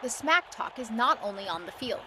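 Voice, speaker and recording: A woman's voice: on the high side, animated, fairly quick, noisy background. A woman reporter narrating a scripted sports feature in a punchy way.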